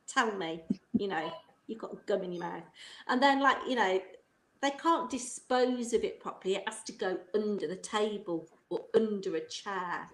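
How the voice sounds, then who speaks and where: A woman's voice: medium pitch, moderate pace, fairly bright tone. Chatty woman in a roomy echo. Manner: rambling, chatty, laughs often. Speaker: guest, former teacher. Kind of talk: casual chat on a live stream.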